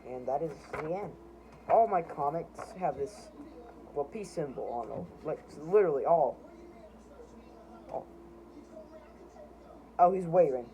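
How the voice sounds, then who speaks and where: A man's voice: fairly high pitch, expressive, measured pace, pauses often, warm tone. Rambling young man over background noise. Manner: rambling, self-mocking, chuckling. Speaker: amateur comic artist. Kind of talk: casual show-and-tell narration. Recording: noisy home recording.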